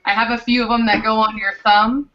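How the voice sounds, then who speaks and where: A woman from Minnesota hosting a casual group chat, giggly and animated. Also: on the high side, a little fast, lo-fi sound. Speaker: host.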